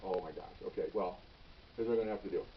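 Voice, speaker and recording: A man voicing a kind, steady middle-aged male police sergeant who talks low, hushed and calm. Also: quick pace, slight background noise, natural voice. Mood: calm concern. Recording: dull, slightly distant recording.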